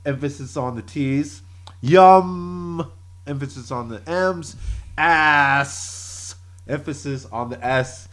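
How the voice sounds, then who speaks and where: A man's voice: mid-range voice, normal speed, hardly any pauses. A man co-hosting a casual podcast, reading out tweets with laughter and crude jokes. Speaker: podcast co-host.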